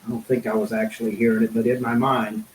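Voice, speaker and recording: A middle-aged man speaking as a guest in an interview, telling a personal story in an earnest, halting way, full of fillers and restarts. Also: medium pitch, little pitch movement, roomy sound, slight background noise, rough recording.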